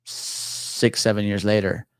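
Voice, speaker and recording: A man in his forties, a retired police officer, telling a profane, animated story as a podcast guest. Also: lowish voice, takes it slowly, clean tone, no room sound, clean studio sound. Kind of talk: casual storytelling chat.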